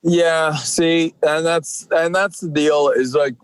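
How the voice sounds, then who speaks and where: Podcast guest: energetic rambling man in his forties, fairly high voice, dry close sound. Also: takes it slowly, smooth, no echo. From Canadian East Coast. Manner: rambling, energetic, many fillers. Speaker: guest, professional wrestler. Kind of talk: casual podcast chat.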